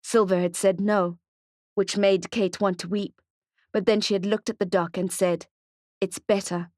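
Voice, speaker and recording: A woman reads a novel aloud at a measured, steady pace. Her voice sits mid-range for a woman. The studio recording is dry and close, with no room sound. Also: medium pitch, dry recording. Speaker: audiobook narrator. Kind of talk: scripted narration.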